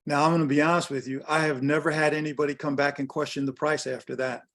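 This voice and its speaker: A man's voice: on the high side, little pitch movement, fast talker, a bit bright. A man in his sixties giving a workshop as a business coach, emphatic and direct, repeating his key phrases. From United States. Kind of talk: workshop talk on pricing.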